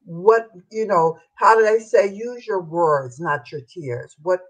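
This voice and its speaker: A woman co-hosting a casual panel discussion, her voice a little low for a woman. She speaks calmly and reflectively, building on what the others say. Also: takes it slowly, highs cut off.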